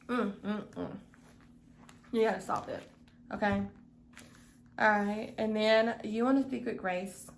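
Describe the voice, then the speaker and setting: Young woman leading a casual Bible study, earnest and conversational, medium pitch, light background hiss. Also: steady tone, measured pace, creaky, long pauses, poor audio. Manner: earnest, repeats "okay?" to the listener. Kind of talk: casual devotional teaching.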